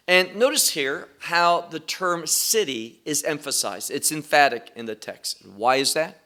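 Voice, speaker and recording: A man teaching the Bible verse by verse in a measured way, often stopping to rephrase and explain terms. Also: a little high, sharp tone. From Israel.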